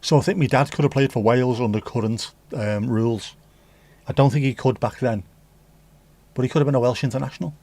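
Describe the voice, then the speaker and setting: Talking fairly quickly in a mid-range, darkish voice, an Englishman runs a livestream. He reads viewer comments aloud between casual chatter, rambling jokes and liberal swearing.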